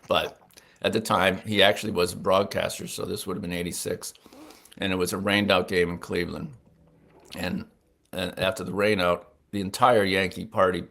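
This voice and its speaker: A man in his sixties with a low, gravelly voice tells stories in a relaxed interview. He is a longtime sportswriter, and he livens up his anecdotes by acting out the people he quotes. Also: fairly quick. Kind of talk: storytelling in a casual interview.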